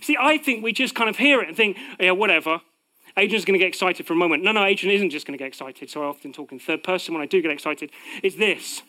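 A middle-aged man preaching in a fairly high voice. He moves between loud, fervent proclaiming and soft, hushed asides. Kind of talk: sermon.

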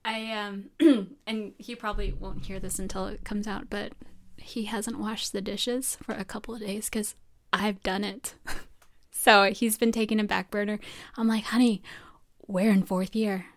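A young woman in medical school chats casually with an animated storytelling manner, acting out what others said. Her voice sits at an ordinary middle pitch. The talk is relaxed and conversational. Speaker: medical student. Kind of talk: casual chat.

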